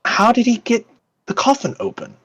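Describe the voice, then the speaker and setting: A man's voice: extremely high pitch, big pitch swings, normal speed, fairly bright tone, husky, voice pushed up, heavily acted. A man doing a weary vampire duchess. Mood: cool. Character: aristocratic female vampire duchess, calm and weary.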